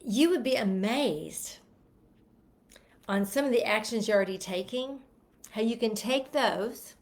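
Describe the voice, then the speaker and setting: A woman's voice: medium pitch, darkish tone. A woman giving a motivational self-help talk, emphatic and repetitive, leading listeners through spoken affirmations. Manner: emphatic, repeats phrases and leads spoken affirmations. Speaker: motivational speaker.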